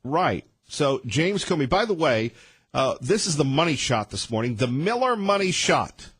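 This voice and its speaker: A man hosting a morning talk radio show, delivering rapid-fire sarcastic opinions. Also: a little high, big pitch swings, fairly bright tone, slightly rough, no echo. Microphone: studio microphone.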